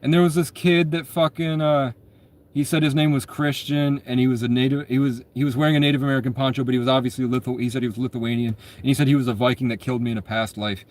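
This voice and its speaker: A man's voice: mid-range voice, fairly even intonation, quick pace. A man in his twenties casually telling personal stories, rambling and profane, often breaking off to correct himself. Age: 20s. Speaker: storyteller.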